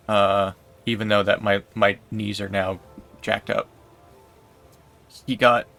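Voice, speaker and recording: A man livestreaming while gaming, telling a long story in a rambling, unhurried way with lots of fillers. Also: medium pitch, creaky, pushed and bright.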